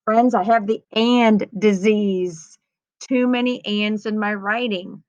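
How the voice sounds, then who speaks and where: A woman teacher gently talking young students through editing her writing, reading aloud patiently. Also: medium pitch, fairly even intonation, takes it slowly, no echo. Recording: slightly dull lo-fi sound.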